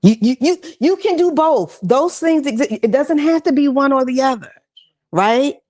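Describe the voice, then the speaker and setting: A woman's voice: high-pitched, expressive, normal speed, a little mellow. A woman giving a conversational, encouraging mental health talk at a church session, with casual asides to the audience. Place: church gathering with audience responses.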